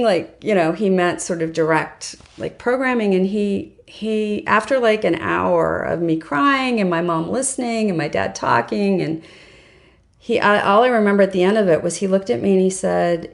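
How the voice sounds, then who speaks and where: A woman's voice: medium pitch, normal speed, creaky. A middle-aged woman, a guest on a podcast interview, telling her story in a chatty way with lots of "like" and "um". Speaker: podcast guest, fundraising professional.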